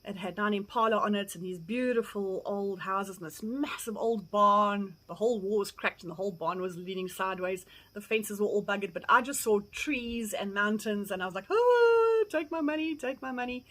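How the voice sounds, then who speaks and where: A middle-aged South African woman giving candid, blunt advice, acting out quoted conversations with lively energy and casual swearing. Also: mid-range voice, moderate pace, hardly any pauses, poor audio. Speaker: farm vlogger. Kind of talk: candid personal advice talk.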